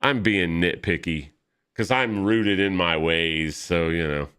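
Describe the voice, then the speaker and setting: Low, unhurried male vlogger, casual comic-book commentary, nitpicky and self-correcting, clear voice. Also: a bit bright. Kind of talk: casual commentary while flipping through comics.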